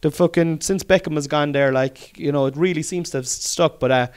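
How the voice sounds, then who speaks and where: A man's voice: on the high side, a little fast, clear, resonant tone. A middle-aged Irish man with a Cork accent, hosting a podcast in casual, rambling chat and swearing freely. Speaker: podcast host.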